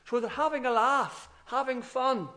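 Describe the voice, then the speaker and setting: A man's voice: extremely high pitch, moderate pace, bright, forceful tone. A man preaching an earnest, emphatic sermon with rising outbursts.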